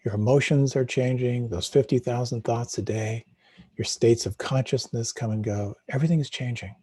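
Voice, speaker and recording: A man's voice: mid-range voice, fairly even intonation, normal speed, warm tone, husky, no echo, clean studio sound. A middle-aged man giving a live meditation talk, reflective, asking questions aloud and circling back on his words. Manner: reflective, asks questions aloud, repeats words when restarting. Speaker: meditation teacher.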